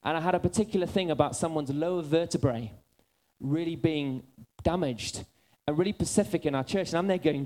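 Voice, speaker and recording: A man's voice: fairly high pitch, brisk, darkish tone. A man preaching a sermon in a church, telling stories with humor that pokes fun at himself. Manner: humorous, self-deprecating storytelling.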